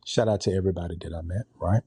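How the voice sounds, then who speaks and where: A man in his forties casually telling a story in an animated, conversational way. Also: low-pitched, racing, husky, no echo, clean studio sound. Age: 40s. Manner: animated, conversational, with a laid-back, relaxed tone.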